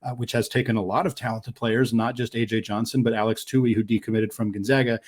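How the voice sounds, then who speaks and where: A man co-hosting a casual sports podcast, measured and analytical, often trailing off mid-thought. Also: medium pitch, steady tone. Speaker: podcast co-host.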